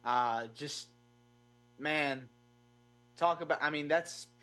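A man's voice: a little high, slow, bright, forceful tone, faint music behind. A man hosting a casual chat, reacting to a guest's story with short amused comments. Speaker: host.

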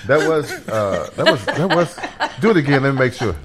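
A man's voice: mid-range voice, very animated, a little fast, crowd noise. A man hosting a jazz radio show from the studio, chatting playfully and laughing a lot. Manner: laughs often, playful and rambling. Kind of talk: casual on-air chat.

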